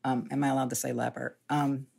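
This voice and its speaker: A woman's voice: rumbling low, level tone, brisk, creaky, darkish tone, slightly rough. A woman in her sixties telling her story casually as an interview guest, chatty and self-deprecating, often laughing.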